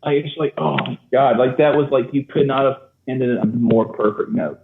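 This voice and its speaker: A man co-hosting a casual film discussion podcast, animated and laughing often. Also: medium pitch, a little fast, creaky, roomy sound. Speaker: podcast co-host. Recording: tinny phone-like line.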